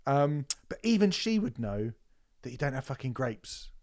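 Lively, sweary man. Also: mid-range voice, normal speed. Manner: animated, laughing storyteller who swears often. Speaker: podcast co-host. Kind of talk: casual chat.

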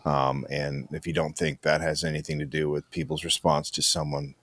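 A man co-hosting a podcast, talking in a sarcastic, profane, animated way. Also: rumbling low, normal speed, no echo. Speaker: podcast co-host. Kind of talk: casual chat.

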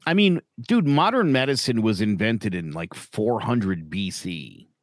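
A man's voice: on the low side, lively intonation, unhurried, no room sound, clean studio sound. A man co-hosting a casual podcast, rambling and opinionated with frequent fillers. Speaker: podcast co-host. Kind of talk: casual chat.

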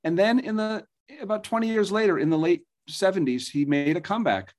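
A man guest telling show-business anecdotes in a lively way, acting out the lines of the people in them. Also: high-pitched, fairly quick. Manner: animated storyteller, acts out quotes. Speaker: guest, TV producer and author. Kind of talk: anecdotal storytelling.

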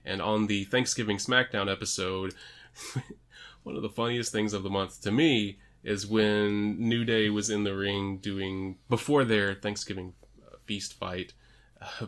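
A man co-hosting a casual podcast with a fairly low, steady voice. He chats loosely and laughs his way through the stories he tells. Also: a little slow. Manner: chatty, laughs while telling stories. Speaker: podcast co-host. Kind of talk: casual chat.

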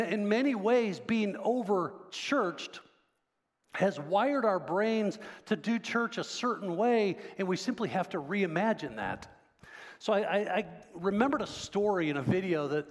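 A pastor delivers a sermon in a church sanctuary, speaking conversationally and quizzing his congregation. His voice sits high and carries a big-room sound.

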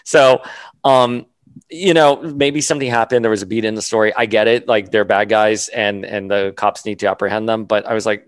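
Man, podcast co-host, animated, lots of fillers, dry close mic. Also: on the low side, moderate pace, dry recording. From Miami area. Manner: animated, talks with many fillers and restarts. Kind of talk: casual chat.

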